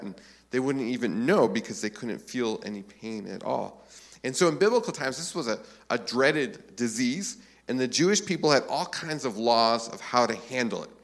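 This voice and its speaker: A man preaching a sermon as a pastor, relaxed and conversational, with frequent filler phrases. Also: medium pitch.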